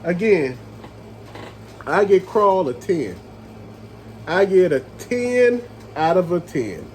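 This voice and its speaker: A man reviewing a movie in a casual rant, retelling scenes with animated storytelling and calling his viewers family. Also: sits high, slow pace, a little hiss or hum, poor audio.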